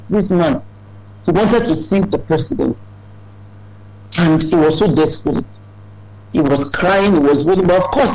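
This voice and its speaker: A man preaching a sermon, emphatic and rising into high exclamations. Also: creaky, a little mellow, poor audio.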